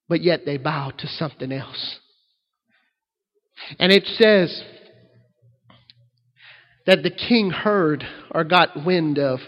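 High-pitched preacher guy, loud bits then soft asides, big echoey church sound. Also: breathy edge, muffled recording. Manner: rises to loud emphatic preaching and drops to quiet asides. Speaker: pastor. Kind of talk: sermon. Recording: long hall reverb.

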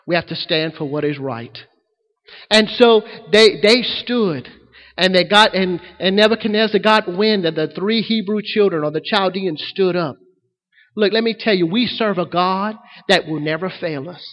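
A man preaching as a pastor, swinging between loud emphatic lines and quiet asides. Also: high-pitched, normal speed. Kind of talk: sermon. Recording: long hall reverb.

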